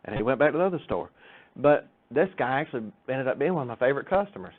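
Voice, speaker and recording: A man's voice: medium pitch, expressive, fast. A man giving an informal church talk, chatty and joking, acting out the people in his stories. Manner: chatty storytelling with jokes and acted-out quotes. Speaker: church speaker. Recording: tinny phone-like sound.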